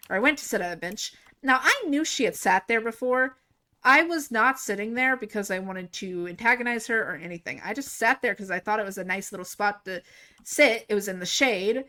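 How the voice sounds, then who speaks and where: Bright-voiced young woman streamer, rambling. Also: mid-range voice. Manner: rambling and animated, laughs and swears often. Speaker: livestreamer. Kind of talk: casual storytelling while gaming.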